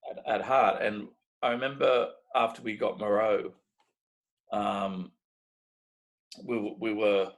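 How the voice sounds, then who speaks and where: A man's voice: on the low side, slow, long pauses, rough recording. A middle-aged Australian man being interviewed, telling stories casually and animatedly, often restarting and acting out what others said. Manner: animated, restarts often, acts out quoted dialogue. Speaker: guest, make-up effects artist.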